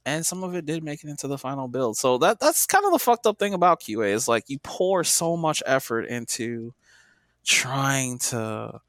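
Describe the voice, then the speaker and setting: A man talking on a podcast in a loose, profane, rambling way, full of fillers and false starts. His pitch rises and falls a lot. The sound is close and dry, with no room ring. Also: sing-song, normal speed, fairly bright tone, dry recording. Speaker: podcast co-host, former game tester. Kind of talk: casual podcast chat.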